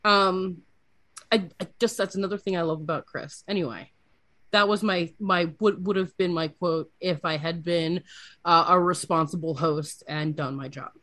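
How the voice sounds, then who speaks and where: A woman co-hosting a podcast in casual chat, animated and profane with quick asides. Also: on the low side, no echo. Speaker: podcast co-host.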